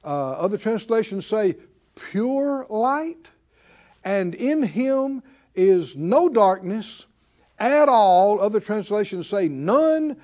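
A male pastor delivering a sermon in a high, lively voice that swings widely in pitch. He speaks slowly and deliberately, leaning hard on repeated words and calling for answers from his listeners. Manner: emphatic preaching with repeated phrases and call-and-response.

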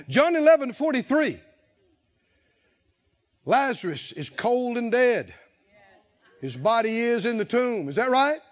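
A man preaching a sermon at a conference, telling a Bible story with rising fervor and shouted lines. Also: extremely high pitch, very animated, measured pace, pauses often, highs cut off. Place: church conference hall.

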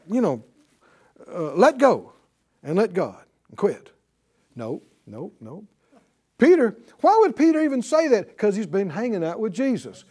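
A man preaching a lively sermon, calling out to his congregation and acting out the voices in his stories. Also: high voice, a little slow, slightly rough. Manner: animated, call-and-response, acts out quoted voices.

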